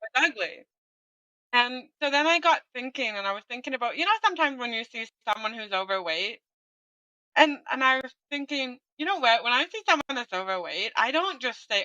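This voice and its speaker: A woman's voice: on the high side, lively intonation, brisk, pushed and bright, dry recording, muffled recording. A middle-aged woman guest candidly telling her own story in conversation, often ending on a tag question. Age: 40s or older.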